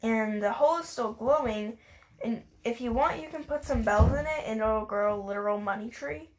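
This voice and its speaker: A woman's voice: on the high side, normal speed. A woman chatting through a life-sim game, tired, chatty and easily sidetracked, mocking herself as she plays. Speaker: gaming video creator. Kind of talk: casual gameplay commentary.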